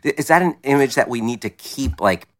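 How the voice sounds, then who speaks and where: A man's voice: medium pitch, animated, a little fast. A man co-hosting a podcast in casual review chat, opinionated but hedging with fillers. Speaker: podcast co-host.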